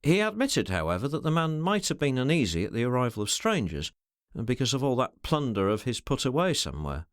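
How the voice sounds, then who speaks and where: A male audiobook narrator tells a classic story in a measured, expressive manner. His pitch moves widely through each sentence, and the recording is dry and close with no room sound. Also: clear, resonant tone, no echo. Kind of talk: scripted narration of a classic novel.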